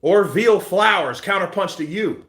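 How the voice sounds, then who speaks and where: A man hosting a boxing news channel, chatting casually and acting out scenes with shouts and sound effects. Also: sits high, expressive, moderate pace, roomy sound. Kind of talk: casual live-stream chat.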